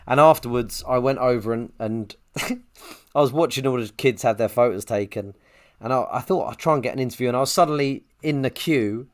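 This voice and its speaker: A man's voice: mid-range voice, a little fast. A man, co-hosting a podcast and chatting casually, acting out the people in his stories. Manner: animated storyteller acting out quotes. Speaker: podcast co-host. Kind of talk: casual chat, storytelling.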